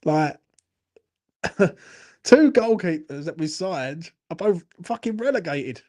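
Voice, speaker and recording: Man, tipsy, sweary rant, fairly high voice, laughing banter. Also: animated, takes it slowly, a little mellow. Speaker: fan channel host. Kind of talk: late-night live Q&A chat.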